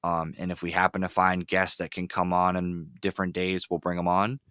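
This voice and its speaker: A man hosting a casual podcast, rambling with lots of fillers and telling excitable stories. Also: low-pitched, fairly quick, smooth, dry recording, studio quality. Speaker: podcast host. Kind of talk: casual chat. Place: ice fishing shanty.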